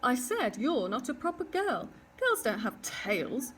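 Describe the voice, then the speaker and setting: A woman's voice: on the high side, very animated, measured pace, a bit bright, a little hiss or hum, pitched above the performer's own voice. A woman voicing a small, eager young male barn owl who asks many curious questions in a storybook reading. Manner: curious, easily huffy, chirpy questions. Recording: distant mic with faint ambience.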